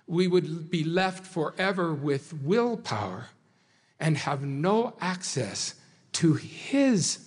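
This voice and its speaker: A man preaches to a congregation in an earnest, measured way, letting key phrases land with slow dramatic pauses. His voice sits a little high, and the delivery is unhurried. A long reverb from a large hall trails each phrase. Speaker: speaker addressing a congregation. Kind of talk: sermon.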